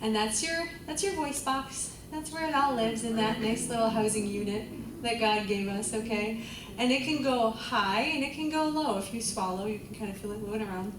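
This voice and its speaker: A woman's voice: a little high, moderate pace, noisy background. Woman vocal coach in a roomy hall. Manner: encouraging, demonstrates vowels by singing. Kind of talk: group singing lesson. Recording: roomy, distant mic, loud music.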